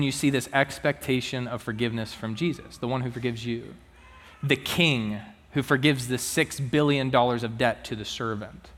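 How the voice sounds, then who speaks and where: A man delivering a sermon as a student minister, talking to the congregation in a relaxed, conversational way and often checking in with a quick aside. His voice sits at an ordinary middle pitch. It rings out with the long reverb of a church hall. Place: church sanctuary.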